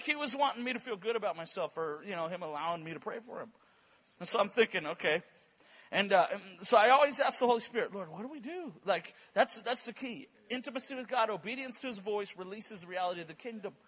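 A man preaching a sermon at a church conference service, telling stories in an animated way and repeating words in quick bursts. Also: high-pitched, husky. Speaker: guest preacher. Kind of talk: sermon with storytelling.

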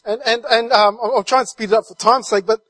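A man shares his testimony as a guest speaker. His voice sits high, and the sound is dry and close. He tells the story vividly, linking his phrases with a stream of repeated "and"s. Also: fairly even intonation, fast talker, bright, forceful tone, no echo. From New Zealand.

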